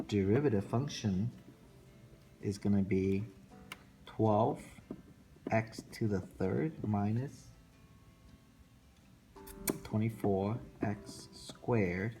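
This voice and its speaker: A man with a fairly low voice teaches a math lesson, talking slowly and repeating each step as he sketches. Faint music plays in the background. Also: warm tone. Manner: slow, repetitive, talking through steps while sketching. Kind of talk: classroom lecture recorded for students.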